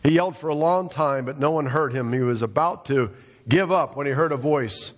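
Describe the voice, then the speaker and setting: A man's voice: fairly high pitch, brisk. A male pastor preaching a sermon in a conversational, storytelling way. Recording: dull, echoey hall recording.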